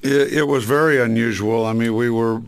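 An older singer from Southern California reminisces in a relaxed interview, rambling with many fillers and restarts. His mid-range voice is steady and clean, at a normal speed.

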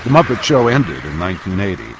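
A male news reporter giving a scripted narration of a feature, measured and a little wry. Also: low voice, big pitch swings, lo-fi sound, heavy background noise.

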